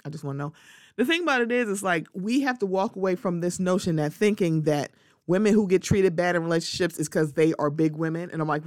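A woman hosting a solo podcast, talking in a lively, conversational way and acting out little quoted exchanges. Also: on the low side, quick pace, no echo, studio quality. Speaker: podcast host.

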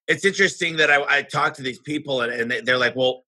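A man who owns a home services business, talking in a lively podcast conversation and acting out the exchanges he has with other owners. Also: mid-range voice, quick pace, hardly any pauses, low-quality recording. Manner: animated, acts out his own conversations in quoted voices.

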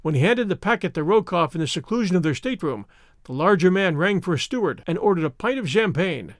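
Guy reading an adventure audiobook, high voice, really lively and expressive, dry close mic. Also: quick pace, no echo. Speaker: audiobook narrator. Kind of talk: scripted narration.

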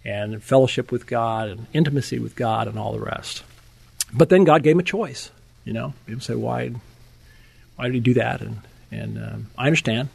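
An older man telling his testimony as an interview guest, in an animated, conversational way, often chuckling and restarting words. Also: mid-range voice, normal speed, gravelly, slightly rough. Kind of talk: conversational storytelling.

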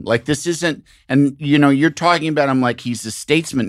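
A man's voice: fairly high pitch, a little fast, no room sound, studio quality. A middle-aged man hosting a podcast, talking loosely and bluntly, repeating himself as he works toward a point. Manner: loose, repetitive, blunt and profane. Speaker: podcast host. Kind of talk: casual podcast conversation.

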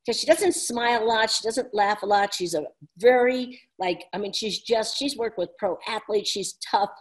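A woman business coach in casual conversation, talking fast and energetically and laughing often. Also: mid-range voice.

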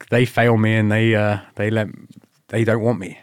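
A man's voice: on the low side, fairly even intonation, normal speed, no echo, clean studio sound. A man telling stories in a casual interview, laughing often and swearing as he acts out what others said to him. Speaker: guest.

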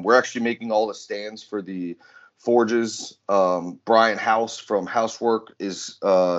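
Man, podcast host, casual profane rambling, low voice, dull lo-fi sound. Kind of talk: casual chat.

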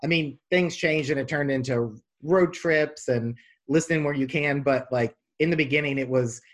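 A man's voice: on the high side, normal speed. Enthusiastic podcast host man. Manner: enthusiastic, hesitant with many ums. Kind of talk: casual podcast conversation.

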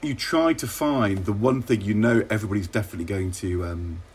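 A middle-aged man from England, a former minister, telling wry, measured stories in an interview. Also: on the low side, darkish tone, slightly rough. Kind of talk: relaxed interview anecdotes.

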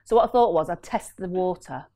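A woman tells a story in a casual panel chat, animated and laughing as she acts out the people in it. Her voice sits fairly low for a woman. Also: fairly quick. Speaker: property deal packager.

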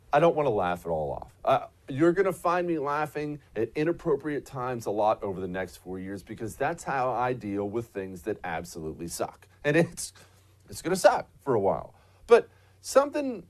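Animated sarcastic male political host. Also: medium pitch. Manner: sarcastic, indignant, animated delivery. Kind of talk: political commentary monologue.

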